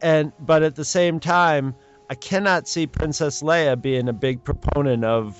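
In a casual group chat about films, a man co-hosts with a voice on the high side and a slightly slow pace. He sounds thoughtful and hesitant, thinking aloud and restarting his sentences often. The recording has dull lo-fi sound, slight background noise, and faint music behind.

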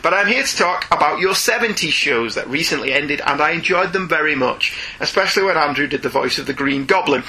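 A man's voice: on the high side, animated, fairly quick, hardly any pauses, bright, forceful tone, rough recording. A man from Ireland with a sore throat, co-hosting a podcast and reading listener emails aloud in casual chat, laughing often as he goes.

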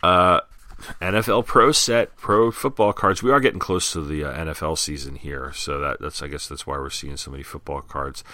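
A man with a very low voice and a bright, forceful edge hosts a solo podcast. He rambles conversationally with plenty of fillers, recorded dry and close. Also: moderate pace, no echo. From Long Island, New York. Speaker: podcast host. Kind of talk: casual solo podcast commentary.

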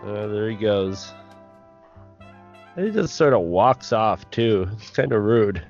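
A woman co-host makes dry jokes in relaxed chat. Her voice is very low and slow but swings widely in pitch, over slightly muffled audio. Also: faint music behind. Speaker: podcast co-host. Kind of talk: casual chat.

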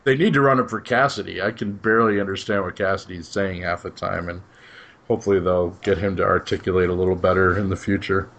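A man's voice: low voice, fairly even intonation, fast, fairly bright tone. A man hosting a casual podcast chat, laid-back and chuckling, often trailing off his sentences. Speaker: podcast host.

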